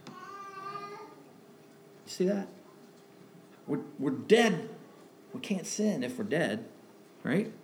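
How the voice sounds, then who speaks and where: A man's voice: on the high side, very animated, very slow, pauses often, slight background noise. A man preaching a sermon in a conversational way, asking rhetorical questions and breaking into emphatic outbursts. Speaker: pastor.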